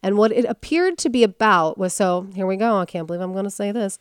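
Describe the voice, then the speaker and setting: A woman hosting a casual storytelling podcast, animated and full of fillers and quoted voices. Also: mid-range voice, quick pace, hardly any pauses, clear, resonant tone, no echo, studio quality. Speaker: podcast host.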